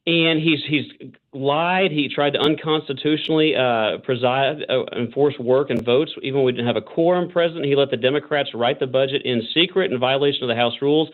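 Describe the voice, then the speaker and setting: A man from Texas, a state representative, speaking as a guest on a political call-in interview, fired up and emphatic, slowing down to hammer his points. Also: medium pitch. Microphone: phone. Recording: phone line.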